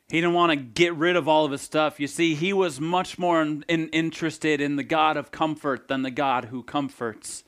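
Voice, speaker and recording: A man who is a pastor, preaching a sermon in an earnest, animated storytelling way. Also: on the high side, moderate pace, hardly any pauses, clear, resonant tone, no room sound.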